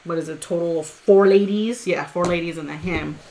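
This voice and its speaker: A woman's voice: lowish voice, a little fast. A woman co-hosting a podcast, telling a rambling story full of quoted dialogue and casual swearing. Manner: rambling, animated retelling with quoted asides and swearing. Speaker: podcast co-host.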